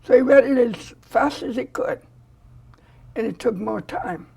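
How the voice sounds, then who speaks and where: Gravelly husky older woman telling stories. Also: on the high side, measured pace. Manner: animated storyteller who acts out quoted dialogue. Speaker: foster grandparent volunteer. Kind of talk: storytelling in a studio interview.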